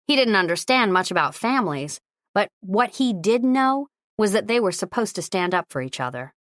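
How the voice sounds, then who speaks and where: A woman narrating a romantic comedy audiobook in an even, measured way. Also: medium pitch, no echo, studio quality. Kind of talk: scripted narration.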